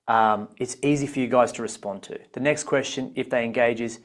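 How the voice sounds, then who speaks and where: An energetic man running a live online coaching class. His voice sits at a middle pitch. He talks in an encouraging coaching manner and often repeats his main points. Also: moderate pace, few pauses. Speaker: business coach.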